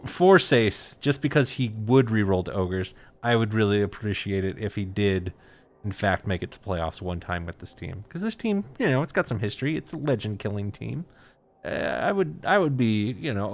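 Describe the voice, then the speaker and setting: A man hosts a casual esports talk show in a somewhat low voice. He talks in a laid-back way and fills his pauses with uh and um. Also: lively intonation. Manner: lots of uh and um fillers, laid-back. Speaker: host.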